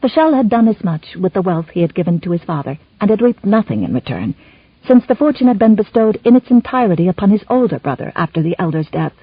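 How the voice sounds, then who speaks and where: A woman narrating a historical romance audiobook in an expressive storytelling manner, in a slightly muffled recording. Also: medium pitch, quick pace, husky, no room sound. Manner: expressive, even-toned storytelling. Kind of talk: scripted narration.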